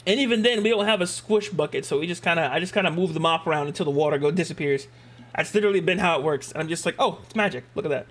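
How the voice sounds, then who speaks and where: Animated young man streamer, high voice. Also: racing. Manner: animated, joking, laughs often, mock outbursts. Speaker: streamer host. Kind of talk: casual stream chat.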